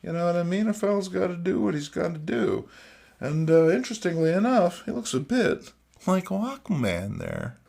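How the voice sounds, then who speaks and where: A man's voice: high voice, big pitch swings, moderate pace, creaky, a little mellow. A man hosting a casual, jokey review of old comics, full of sardonic asides and "you know what I mean.". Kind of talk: casual comedic commentary.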